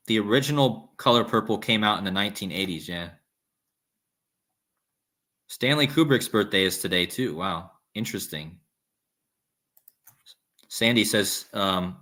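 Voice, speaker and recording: Male livestream host, low-pitched, loose and rambling, reads chat. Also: moderate pace, long pauses, bright, forceful tone. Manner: rambling, restarts, reads viewer comments aloud. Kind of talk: casual live-stream talk reading chat.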